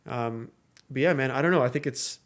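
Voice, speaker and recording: A man's voice: mid-range voice, fairly quick. A young man as a podcast guest, talking in a candid, casual way with lots of swearing and fillers. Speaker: podcast guest, content creator.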